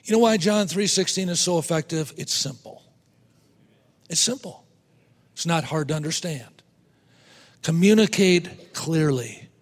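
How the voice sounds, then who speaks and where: A man preaching a sermon to fellow preachers, emphatic, repeating words and slowing down to stress points. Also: fairly high pitch, long reverb tail. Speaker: preacher teaching other preachers.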